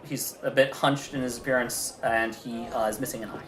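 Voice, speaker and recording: A man narrating as game master of a tabletop game, chatty and lively with quick asides. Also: mid-range voice. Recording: roomy echo.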